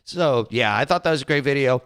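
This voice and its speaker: A man's voice: mid-range voice, animated, brisk, fairly bright tone, clean tone, no room sound, studio quality. A man hosting a show, reacting to a clip in casual, rambling commentary with many restarts. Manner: rambling, with frequent restarts and fillers. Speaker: show host.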